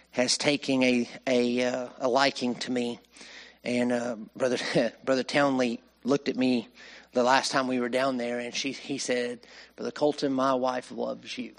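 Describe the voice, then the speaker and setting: Folksy preacher telling stories. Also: male voice, mid-range voice. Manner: folksy, repeats himself, chuckles while telling stories. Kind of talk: sermon with storytelling.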